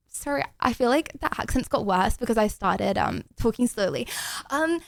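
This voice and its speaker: Woman streamer, young, high voice, giggly rambling chat, close dry mic. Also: expressive, normal speed, gravelly, no room sound. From England. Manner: giggly, rambling, self-deprecating. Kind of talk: casual chat to a live stream audience.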